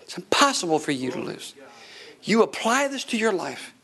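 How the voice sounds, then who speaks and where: A middle-aged man preaching to his congregation in a high, ringing voice. He drops to near whispers, then climbs to shouted praise, and tells stories with quoted dialogue as he goes. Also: very animated, moderate pace. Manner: preaches with swings from hushed to shouting. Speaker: pastor. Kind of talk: sermon. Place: church sanctuary before a congregation.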